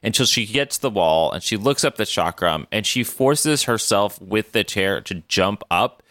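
A man co-hosting a podcast, recapping an anime episode in animated, profane casual chat and acting out the quotes. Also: fairly low pitch, normal speed, no echo. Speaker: podcast co-host.

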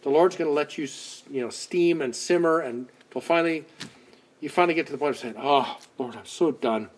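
A man preaching a conversational sermon, acting out quoted voices and dropping to soft asides. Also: on the high side, fairly quick. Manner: conversational, dramatic swings between loud outbursts and soft asides.

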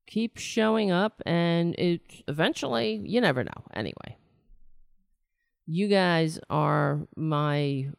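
A middle-aged woman talks straight to her viewers in a slightly raspy voice, rambling and candid, full of restarts and wry asides. She is recorded on a close mic in a dry room with no echo. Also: sits low, darkish tone. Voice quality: raspy, nasal-edged voice she calls a rake on a chalkboard. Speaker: political talk show host. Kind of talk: casual live-stream monologue.

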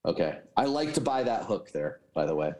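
A man's voice: on the low side, big pitch swings, brisk, a little mellow. A man co-hosting a casual sports betting chat, moderating the picks with teasing asides.

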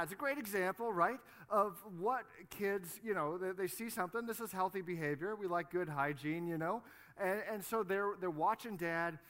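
A man's voice: sits high, fairly bright tone. A man in his forties, a pastor delivering a sermon, telling a story in a conversational way with frequent "you know" and "right". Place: church sanctuary.

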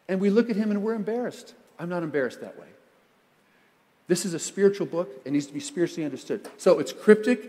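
A pastor delivers his sermon in a lively, playful way, acting out voices and tossing in sound effects. His voice sits a little high for a man. The long reverb of the sanctuary hangs after each phrase. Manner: animated, playful preaching with sound effects and acted quotes. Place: church sanctuary.

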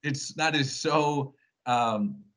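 A man's voice: mid-range voice, very slow, fairly bright tone. A man co-hosting a podcast, teasing in a casual chat. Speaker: podcast co-host.

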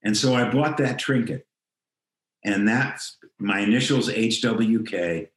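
A man's voice: fairly low pitch, slow pace. Older man recounting a story, roomy sound. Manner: reflective, acts out quoted dialogue. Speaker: guest. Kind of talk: telling a personal story in an interview. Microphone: video call.

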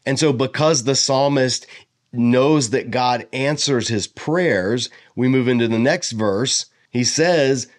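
Man teaching scripture, sounding out Hebrew. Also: medium pitch. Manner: explains Hebrew words slowly, sounding them out; relaxed, conversational lecturing with repeated words. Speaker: Bible teacher. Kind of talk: verse-by-verse Bible teaching.

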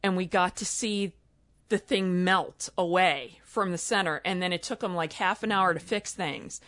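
A woman with a slightly low voice, chatting and telling stories with energy. The recording is dry and close. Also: normal speed, no echo. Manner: chatty, animated storyteller. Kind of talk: casual chat.

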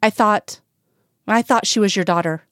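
A woman voicing a hurt, vulnerable young woman who speaks softly and a little shakily, in a dry, close recording. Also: medium pitch, moderate pace, no room sound, natural voice. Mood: unsure. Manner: soft, shaky.

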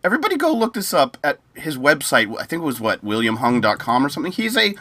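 Bright-voiced man in casual podcast chat. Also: fairly high pitch, very animated, fast talker, no room sound. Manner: chatty and laughing, with opinions on politics. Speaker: podcast co-host.

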